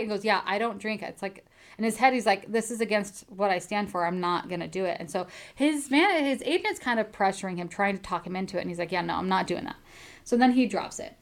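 A woman's voice: mid-range voice, fast. A woman co-hosting a casual chat, eagerly retelling a book's plot, laughing and acting out the quoted lines. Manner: chatty, laughs often, acts out quoted lines. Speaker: podcast co-host recapping a book.

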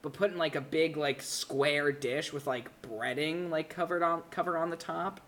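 A man's voice: a little high, normal speed, fairly bright tone. A young man from Minnesota co-hosting a casual podcast chat, joking around and mocking a folksy upper-Midwest twang. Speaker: podcast co-host.

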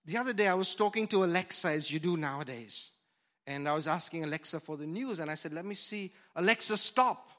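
A man preaching a lively sermon as pastor, swinging from loud shouts to soft whispers into a handheld mic in a church. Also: a little high, fast. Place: church hall.

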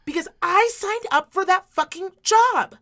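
A woman's voice: extremely high pitch, unhurried, sharp tone. A woman who works in medicine talks in a heated, emphatic way on a podcast, swearing often. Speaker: podcast host; medical worker. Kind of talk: impassioned casual talk.

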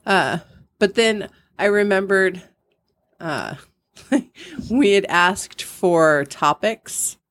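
A woman's voice: mid-range voice, expressive, extremely slow, fairly bright tone. A middle-aged woman co-hosting a podcast in casual chat, rambling and laughing often. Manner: chatty, giggly, rambling. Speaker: podcast co-host.

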